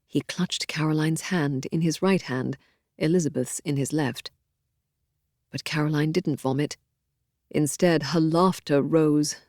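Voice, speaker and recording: Brief: audiobook narrator, woman, low and dark voice, dry close studio sound, measured and expressive. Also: no echo. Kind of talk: scripted narration of a historical novel.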